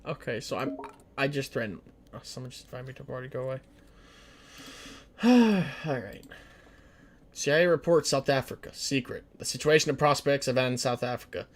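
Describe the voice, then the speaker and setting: A man's voice: mid-range voice, animated, moderate pace, long pauses. A man streaming a strategy game in a casual way, reading the game's text aloud, stumbling over words and joking in between. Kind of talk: strategy game livestream commentary.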